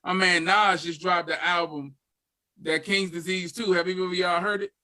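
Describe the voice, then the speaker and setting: A man's voice: sits high, little pitch movement, normal speed, sharp tone. A man hosting a podcast in casual chat, laid-back, laughing easily and using plenty of fillers. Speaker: podcast host.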